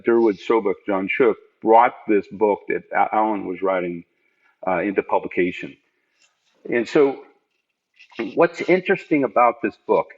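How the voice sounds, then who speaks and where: A middle-aged man, a podcast guest, tells earnest, reflective stories of his working life in a conversational interview from home. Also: fairly low pitch. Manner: earnest, reflective, animated storyteller. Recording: dull lo-fi remote audio.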